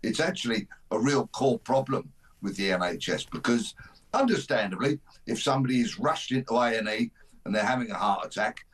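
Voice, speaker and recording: A man appearing as a studio guest on talk radio, speaking in a measured, dry and wry way. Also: medium pitch, animated, husky. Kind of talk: radio discussion.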